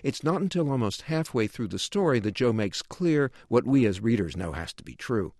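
A man reading a scripted book review for a radio program in a measured, even way. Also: mid-range voice, dry recording. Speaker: book critic.

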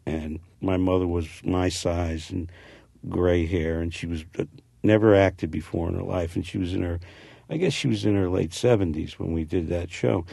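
Low gravelly man, slight New Jersey accent. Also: normal speed, mellow, no echo, studio quality. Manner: rambling, restarts sentences, reminiscing. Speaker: actor guest. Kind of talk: casual interview.

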